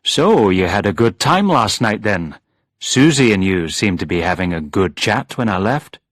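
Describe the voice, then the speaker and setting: A man's voice: on the low side, very animated, moderate pace, a bit bright, no echo. A man reading a storybook and voicing a cheerful, teasing male police officer on the phone. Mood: brisk. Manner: teasing, dryly amused.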